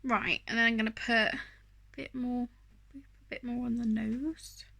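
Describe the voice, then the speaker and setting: A chatty woman talks her way through a makeup tutorial, wandering off-track and poking fun at herself. Her voice sits a little high and rings bright and forward. She fills her pauses with easy "um"s. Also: steady tone, vocal fry. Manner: chatty, self-deprecating, rambling with fillers. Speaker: beauty vlogger. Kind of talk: casual makeup tutorial chat.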